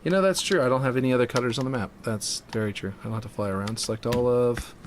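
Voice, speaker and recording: A man's voice: mid-range voice, fast, a little hiss or hum. A man streaming while building a game map, chatting casually and thinking aloud as he trails off. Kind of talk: casual chat while working.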